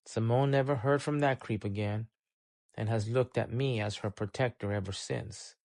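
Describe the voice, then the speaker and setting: A man reading a noir short story aloud, in measured, steady storytelling. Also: medium pitch, gravelly, dry recording. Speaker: narrator. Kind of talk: scripted audiobook narration.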